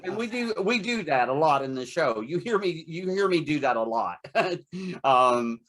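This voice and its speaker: A candid, chatty man talks through an interview about his horror hosting show, breaking into laughter often. His voice sits a little high for a man and carries easy good humor. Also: animated, measured pace, a bit bright. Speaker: guest, horror host performer. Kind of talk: casual interview.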